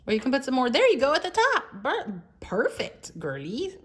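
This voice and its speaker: A woman's voice: high voice, huge pitch swings, normal speed. A young mother encouraging her toddlers at the table at home, cheerful and sing-song, sometimes dropping to a whisper. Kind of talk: casual home video with children.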